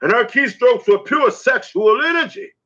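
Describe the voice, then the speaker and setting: Bright, lively-voiced male spoken word poet. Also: normal speed. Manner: rhythmic, dramatic recitation with swooping pitch. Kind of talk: spoken word poetry performance. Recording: dull lo-fi audio.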